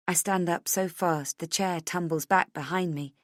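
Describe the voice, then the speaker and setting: A woman narrating a suspense audiobook in the first person, measured and tense. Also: sits low, dry recording, studio quality.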